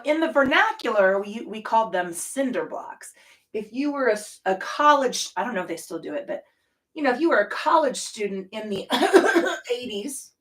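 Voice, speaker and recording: A woman's voice: a little high, a bit bright, far from the mic. A middle-aged woman hosting a yoga channel, chatting casually in a profane, rambling, ranting way. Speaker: yoga studio owner and host. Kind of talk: casual chat.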